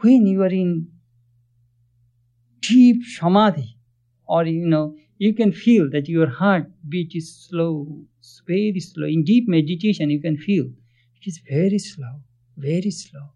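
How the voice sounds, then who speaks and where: A man with a high voice delivers a spiritual discourse, earnest and questioning, turning often to his listeners. The recording is dull and lo-fi. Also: mellow. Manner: earnest, questions listeners, chants Sanskrit verses quickly. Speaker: spiritual teacher. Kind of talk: religious discourse.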